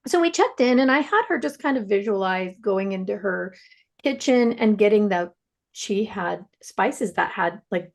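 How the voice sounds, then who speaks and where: A woman practitioner telling a client story on a panel, lively and animated. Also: vocal fry. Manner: animated storyteller, swings pitch widely.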